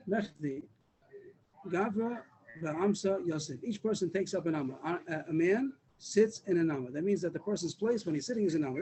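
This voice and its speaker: A man's voice: fairly high pitch, warm tone, slight background noise, low-quality recording. A man teaching a Talmud class over a video call, explaining step by step with repeated words and restarts. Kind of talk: Daf Yomi class.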